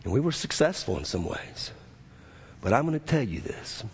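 A man voicing a dying man who quietly and earnestly confesses his past wrongs to his family. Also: mid-range voice, very animated, normal speed, husky, exaggerated voice. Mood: solemn confession.

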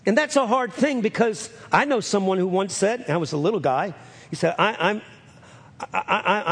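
A man preaches from the pulpit with a husky, fairly high voice that swings widely as he acts out the scripture's lines. The sound carries a long reverb from a church hall. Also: moderate pace. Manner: animated, acts out scripture dialogue. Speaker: pastor. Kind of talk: sermon.

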